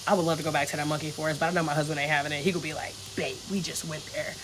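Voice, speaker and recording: A woman's voice: low-pitched, little pitch movement, racing, background noise. Chatty woman on a phone livestream. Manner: chatty, frank, swears freely, laughs often. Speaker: travel vlogger on a livestream. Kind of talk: casual livestream chat reading comments. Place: resort in Bali, outdoors.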